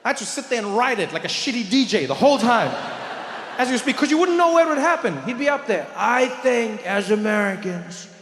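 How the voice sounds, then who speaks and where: A man doing stand-up comedy with a South African accent, animated, slipping into different voices and impressions. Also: very high-pitched, fast. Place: large venue with live audience. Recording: echoey hall, crowd noise.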